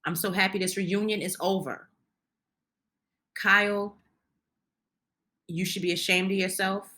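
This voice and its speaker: A woman's voice: medium pitch, fairly even intonation, measured pace, bright, forceful tone. A woman giving an opinionated recap of a reality show, ranting heatedly and indignantly, often restarting her sentences. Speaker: reality TV commentator.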